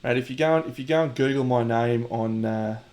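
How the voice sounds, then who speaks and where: A man's voice: mid-range voice, a little fast, darkish tone. A man with an Australian accent, casually chatting to viewers on his stream while painting, joking and mock-boastful, swearing freely.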